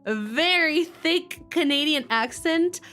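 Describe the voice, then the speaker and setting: A woman live-streamer with a high, bright voice chats loosely with her viewers. She rambles, laughs often and greets people in chat by name. Faint music plays behind her. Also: lively intonation, slow pace. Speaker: streamer and voice actor.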